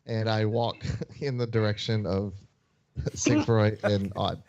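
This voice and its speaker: A man's voice: lowish voice, fairly even intonation, slow pace, darkish tone, slight background noise. A man playing in a tabletop game, musing hesitantly about what his character will do. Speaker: player. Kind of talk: casual chat, thinking out loud. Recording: dull lo-fi call audio.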